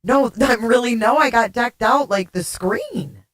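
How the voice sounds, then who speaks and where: A woman livestream host talks slowly and casually to her viewers, laughing often and cursing when flustered. Her voice comes through a desktop mic and a glitchy voice changer that warps it into something alien. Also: fairly high pitch. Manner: giggly, flustered, swears casually. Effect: glitchy voice changer making her sound alien. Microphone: desktop streaming mic.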